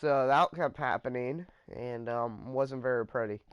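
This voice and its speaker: A man's voice: medium pitch, measured pace, clean tone, dry recording, highs cut off. A man casually telling a story about his friends in a rambling vlog, trailing off with fillers.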